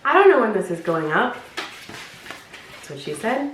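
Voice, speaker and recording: A woman's voice: mid-range voice, big pitch swings, moderate pace, reverberant, slight background noise, low-quality recording. A woman vlogger chatting through an unboxing in a bubbly, giggly, rambling way, her voice stuffy and nasal from allergies. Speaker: vlogger reviewing a clothing box.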